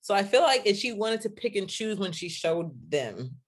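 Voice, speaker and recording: A woman's voice: mid-range voice, very animated, moderate pace, breathy edge. A woman co-hosting a podcast in casual chat, talkative and slangy. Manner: talkative, slangy, hedging with fillers. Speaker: podcast co-host.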